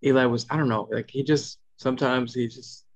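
A gravelly-voiced man in his thirties hosts a casual podcast, speaking a little fast in a mid-range voice with fairly even intonation. He rambles through a family story, restarting sentences and mimicking his kids, and the recording has a dull lo-fi podcast sound.

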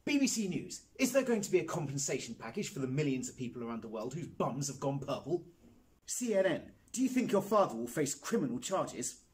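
A man voicing pushy television reporters, firing loud, clipped questions. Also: fairly high pitch, very animated, brisk, pitched above the performer's own voice. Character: pushy shouting male TV reporters.

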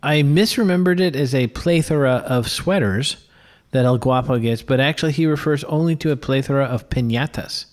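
A man's voice: medium pitch, normal speed. A man co-hosting a casual film podcast who laughs readily and thinks aloud with small restarts. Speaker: film podcast co-host and filmmaker. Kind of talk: casual film discussion chat.

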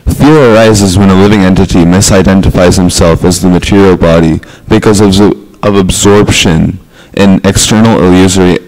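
A man's voice: deep voice, fairly even intonation, normal speed, hardly any pauses, darkish tone, rough recording. A man speaking as a student in a class, hesitantly reciting and explaining a scripture verse, with many ums.

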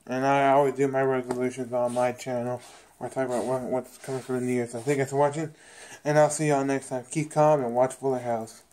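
A man's voice: mid-range voice, level tone, brisk, darkish tone. A man talking casually to his viewers, recapping and reviewing a TV episode in a rambling way, often repeating himself and acting out the characters' lines.

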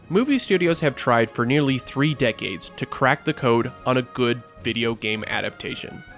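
A man narrates a scripted film retrospective in a mid-pitched voice. His delivery is dry and wry, with understated jokes slipped between the facts. Faint music plays beneath him. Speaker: host. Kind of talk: scripted video-essay narration.

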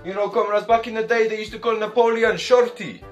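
A man's voice: sits high, fairly even intonation, brisk, faint music behind. A man hosting a casual comedy vlog, giggly and self-mocking as he talks to his viewers. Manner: giggly, self-mocking, often says "comrades". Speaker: channel host.

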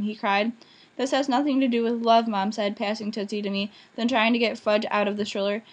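A woman's voice: on the high side, fairly even intonation, brisk. Woman reading a children's novel aloud. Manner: reads plainly with small slips and restarts. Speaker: audiobook reader.

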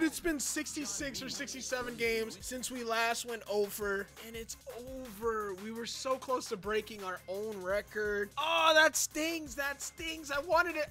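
A young man giving excitable commentary over his own baseball video game, chatting to viewers and shouting and groaning at each play. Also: very high-pitched. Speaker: gaming channel host. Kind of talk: live gameplay commentary.

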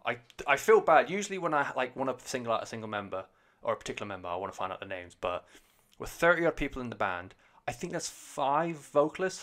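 A man's voice: mid-range voice, fairly bright tone. A man giving a rambling, enthusiastic and sweary casual review of an album on a podcast.

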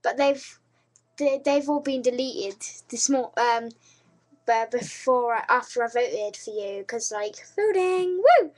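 A high-voiced British woman rambles excitedly to the camera, restarting sentences as she goes. Her talk is bubbly and quick to jump between thoughts. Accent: British English. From Britain. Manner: giddy, rambling, restarts a lot. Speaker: video blogger. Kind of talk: casual video response.

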